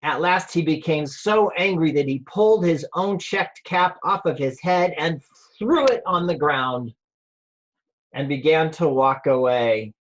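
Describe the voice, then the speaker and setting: A rabbi reading a picture book aloud to children over a video call, slow and playful, asking them questions. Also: male voice, on the high side, highs cut off.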